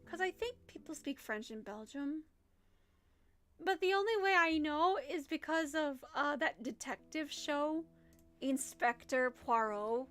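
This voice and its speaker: A young woman with a Midwestern accent chats with her stream in a high, bright voice. She rambles and giggles between thoughts, answering comments as they come in, with faint music playing underneath. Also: expressive, measured pace. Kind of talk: casual livestream chat.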